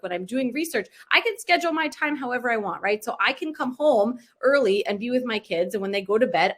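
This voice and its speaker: A woman's voice: mid-range voice, a bit bright. A woman in her thirties, a pediatric oncologist, chatting casually on a video call, with lots of "like" and "right?".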